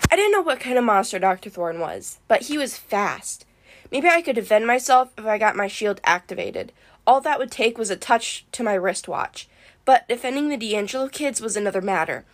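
A woman reading a first-person adventure novel aloud in a lively storytelling manner. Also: on the high side, normal speed, dry recording. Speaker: reader.

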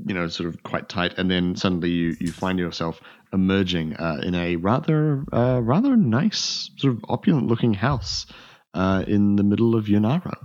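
A man's voice: deep voice, expressive, normal speed, a little mellow. A man narrating as game master, rambling with many fillers and restarts. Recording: dull lo-fi audio.

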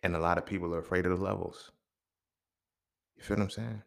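A man's voice: low voice, level tone, quick pace, creaky, fairly bright tone. A young man hosting a podcast alone, talking bluntly and profanely in a casual, conversational storytelling way. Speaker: podcast host. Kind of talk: casual solo commentary.

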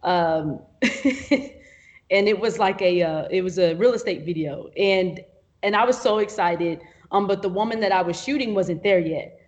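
A woman's voice: lowish voice, moderate pace, darkish tone, muffled recording. A woman guest on a podcast, telling a work story in a casual chat, acting out quotes with laughs and fillers. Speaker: videographer guest.

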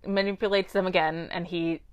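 A woman's voice: lowish voice, brisk. A young woman co-hosting a podcast, chatting casually and acting out characters' lines as she recaps a TV show. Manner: animated, acts out characters' lines. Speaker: podcast co-host.

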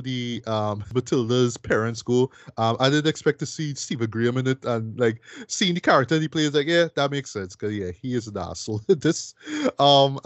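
A man's voice: mid-range voice, dry recording. A man casually reviewing a film, rambling with repeated words and fillers and tacking "boy" and "right?" onto his sentences. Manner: peppers speech with "boy" and "right?". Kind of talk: casual podcast chat.

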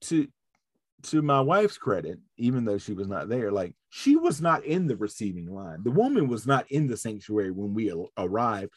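A man's voice: on the low side, very animated, normal speed, no room sound, clean studio sound. A man hosting a podcast, telling a story in casual chat and acting out the voices of the people in it. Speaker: podcast host.

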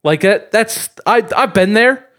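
Man, podcast co-host, rambling storyteller, lots of fillers, fairly high voice. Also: animated, measured pace, fairly bright tone. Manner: rambling, chuckling, many fillers. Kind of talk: casual podcast chat and storytelling.

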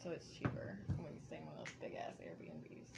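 A woman co-hosting a podcast in casual group chat, chiming in with enthusiasm. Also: a little fast. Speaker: podcast co-host. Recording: loud background noise.

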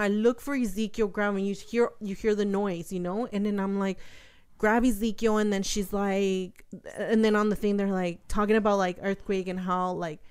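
A young woman chats casually on a podcast, telling a story with lots of energy. Her voice is smooth and clear at a middling pitch. She swears freely and keeps the story moving. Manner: animated storytelling, heavy swearing. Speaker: podcast co-host. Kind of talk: casual chat.

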